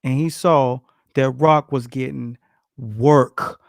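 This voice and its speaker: A man, a boxing coach, telling gym stories in a casual, animated chat full of slang and acted-out quotes. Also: medium pitch, takes it slowly, creaky, no echo, clean studio sound. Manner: animated, slangy, acts out quotes with grunts and laughs.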